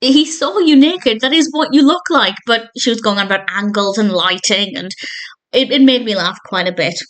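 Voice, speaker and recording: A woman's voice: a little high, expressive, normal speed. Woman giving a thoughtful TV review. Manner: thoughtful, warmly enthusiastic retelling with frequent self-corrections. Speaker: film and TV reviewer. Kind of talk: casual spoken episode review.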